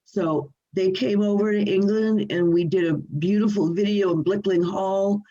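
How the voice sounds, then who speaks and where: An older woman speaks from her home over a video call, telling an animated story with frequent laughs and false starts. Her pitch sits in the middle for a woman. The audio is dull and lo-fi. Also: normal speed. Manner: animated, laughing, restarts often. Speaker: singer, interview guest. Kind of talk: storytelling in a remote interview.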